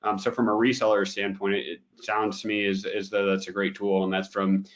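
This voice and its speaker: Lower-voiced easygoing male guest. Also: level tone, fairly quick. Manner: easygoing, filler-heavy, laughs often. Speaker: business development director, guest. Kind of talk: casual interview chat.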